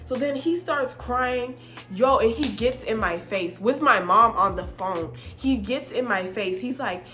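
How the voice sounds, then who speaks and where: A woman vlogger telling a dramatic personal story in an animated, expressive, casual way, swearing often. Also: on the high side, a little slow, faint music behind. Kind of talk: storytime vlog.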